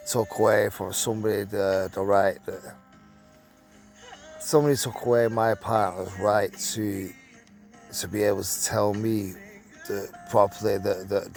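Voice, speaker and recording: A man with a northern English accent reads a true crime story aloud. He breaks off into blunt asides and swears freely. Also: fairly low pitch. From England. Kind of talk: reading an article aloud with casual asides.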